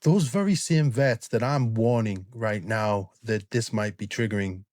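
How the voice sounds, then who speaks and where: British male vlogger, lowish voice, gentle and earnest, dry close mic. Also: a little slow, no room sound. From Britain. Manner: gentle and sincere, many fillers and restarts. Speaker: reaction channel host. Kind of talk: casual talk to camera.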